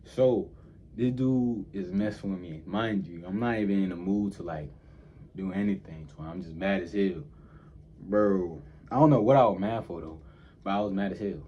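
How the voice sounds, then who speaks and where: A man's voice: sits low, normal speed, dull audio, slight background noise. A young man answering fan questions in a casual vlog. He talks in heavy slang, rambles, and repeats himself often.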